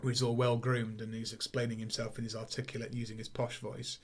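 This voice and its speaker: Chatting loosely about a movie, this male podcast co-host rambles, leans on fillers, and performs quotes in goofy voices. He speaks in a mid-range voice, fairly fast, with no variation in his delivery at all.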